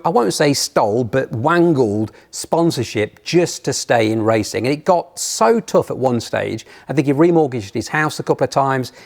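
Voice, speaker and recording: A man chatting as a guest, telling animated, jokey stories full of digressions. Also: medium pitch, gravelly. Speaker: guest presenter. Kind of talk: casual chat.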